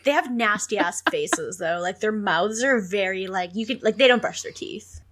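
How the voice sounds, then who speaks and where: A woman's voice: medium pitch, expressive, moderate pace, fairly bright tone. A woman co-hosting a podcast in casual chat, playful, laughing a lot and using online slang. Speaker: podcast co-host.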